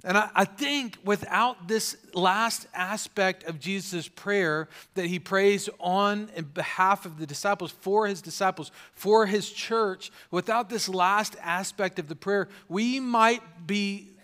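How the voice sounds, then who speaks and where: A man delivers a sermon from the pulpit in a relaxed, conversational way, leaning on fillers and tag questions like "right?". His voice sits a bit higher than most men's. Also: slow pace, hardly any pauses. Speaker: pastor.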